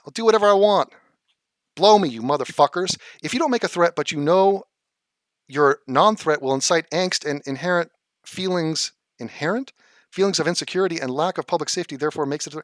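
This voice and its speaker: Clean, dry studio audio carries a somewhat high, slightly bright male voice as he live streams from his living room. Responding to viewers' comments, he launches into sarcastic, angry tirades, cursing freely and stretching out his insults.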